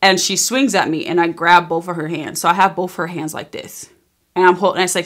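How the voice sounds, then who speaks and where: A woman's voice: lowish voice, a little fast. Woman telling a dramatic personal story. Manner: emphatic, animated retelling, acting out quoted lines. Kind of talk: casual storytime vlog.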